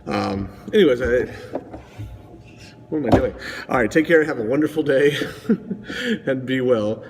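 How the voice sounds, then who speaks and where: A man's voice: mid-range voice, moderate pace, in a large hall, background noise. A man rambling casually to camera as a vlogger, digressive and self-mocking.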